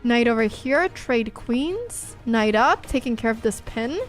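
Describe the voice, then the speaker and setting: Over faint background music, a young woman from Sweden chats her way through online chess games on stream, giggling and poking fun at her own guesses. Her voice sits on the high side, animated but measured in pace.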